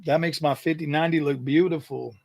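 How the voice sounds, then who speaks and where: A man's voice: a little high, fairly even intonation, fairly quick, vocal fry, a little mellow, no echo. A man hosting a tech channel, chatting casually and animatedly, exasperated, often stammering and repeating himself. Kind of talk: casual livestream chat.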